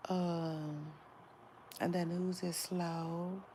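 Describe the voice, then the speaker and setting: A woman hosting a gossip channel, chatting casually to her viewers in a hushed voice so she won't wake anyone at home. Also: fairly low pitch, flat delivery, slight background noise. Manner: hushed, keeps voice down to not wake others; chatty, drawn-out slang phrasing.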